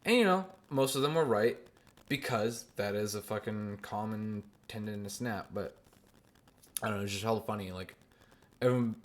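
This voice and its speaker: A young man hosting his own podcast, telling a story in crude, animated casual chat and mocking other people's voices. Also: on the low side, normal speed. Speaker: podcast host.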